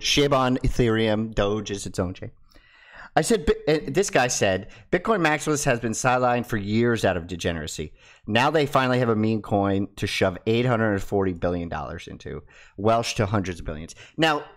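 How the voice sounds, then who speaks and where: A man hosting a casual crypto video, excitable and swearing, his voice jumping high and loud when he gets hyped. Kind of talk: casual talk to camera.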